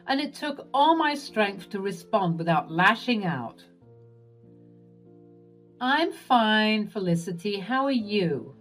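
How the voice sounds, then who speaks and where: A woman narrating a first-person story in an expressive, lively way. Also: mid-range voice.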